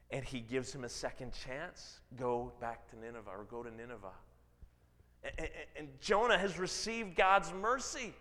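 A man preaching a sermon, dramatic, swinging from loud emphasis to low, quiet stretches. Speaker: pastor. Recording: long hall reverb.

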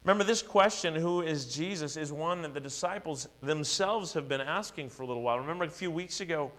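A man's voice: on the high side, brisk, a bit bright. A male pastor preaching a sermon, earnest and emphatic, building repeated declarations.

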